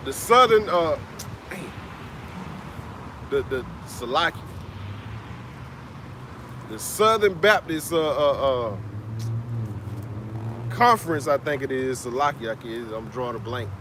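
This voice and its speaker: A man with a notably high voice delivers an informal street sermon, talking in a relaxed, chatty way and often tacking on "man." He sounds like he is outdoors in a city, with faint traffic noise in the background. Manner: loose, conversational, peppers lines with "man", chuckles. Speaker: street preacher. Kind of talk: casual preaching talk. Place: outdoors in a city, Atlanta area.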